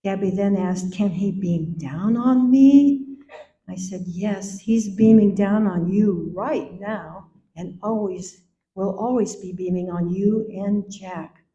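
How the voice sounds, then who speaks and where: An older woman, a mother giving a eulogy at a memorial gathering, speaking slowly and tenderly, now and then singing a line softly. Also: medium pitch, a little hiss or hum. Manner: slow, gentle and tender, sometimes singing softly. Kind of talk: memorial speech. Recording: echoey hall, dull sound.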